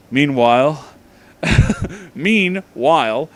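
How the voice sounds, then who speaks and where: A young man with a fairly high voice slowly reads fan fiction excerpts in a deadpan tone, frequently stopping in disbelief to laugh and comment.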